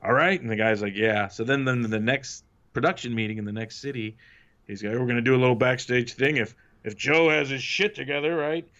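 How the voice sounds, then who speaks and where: On a muffled, lo-fi recording, a man with a medium-pitched, somewhat bright voice talks fairly quickly. Once a wrestling writer, he's now a guest in a laid-back interview, spinning stories, voicing quotes loudly, and swearing often.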